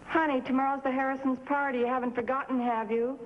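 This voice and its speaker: A woman acting an anxious wife gently pleading with her husband, her voice fairly high. The sound is dull, with a faint hiss and a lingering reverb, like an old TV soundtrack. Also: flat delivery, fast, close to an everyday voice. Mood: coaxing. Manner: pleading and coaxing. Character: worried pleading wife of a cartoonist. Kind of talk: 1950s TV drama acting.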